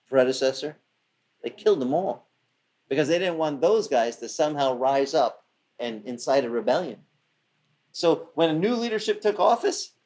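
Guy preaching casual, super animated pitch, storytelling. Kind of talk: sermon.

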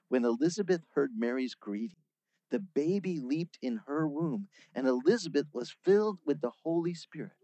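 A man preaching a sermon, teaching through a Bible passage in a lively, conversational way. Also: fairly high pitch, normal speed, no room sound. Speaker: pastor.

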